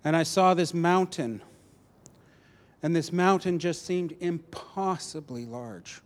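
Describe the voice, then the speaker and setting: A man preaching a personal testimony, telling the story animatedly with halting restarts. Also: on the high side.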